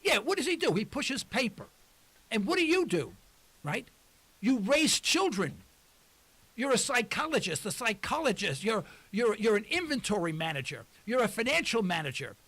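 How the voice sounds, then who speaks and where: A man's voice: high-pitched, big pitch swings, normal speed, bright, forceful tone. A man in his sixties hosting a talk radio show from the studio, speaking in a rambling, emphatic monologue. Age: 60s.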